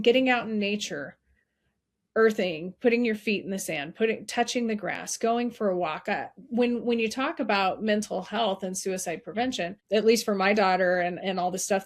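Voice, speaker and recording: A woman's voice: mid-range voice, moderate pace. A middle-aged woman speaking as a guest, earnestly telling personal stories and repeating encouraging advice. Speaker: guest, suicide prevention advocate. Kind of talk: heartfelt conversational storytelling.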